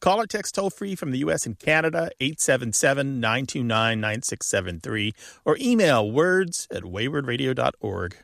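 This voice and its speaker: A man's voice: mid-range voice, sing-song, normal speed, gravelly, fairly bright tone, no echo, clean studio sound. A man co-hosting a radio show, chatting casually and asking clarifying questions in a friendly, jokey way.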